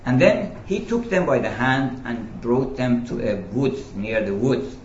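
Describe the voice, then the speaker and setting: A man giving a storytelling lecture about Sufi teaching, slow and deliberate with hesitations, in an echoey, lo-fi recording. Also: medium pitch, animated, darkish tone, slight background noise. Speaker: speaker on Sufism. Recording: echoey, dull lo-fi room recording.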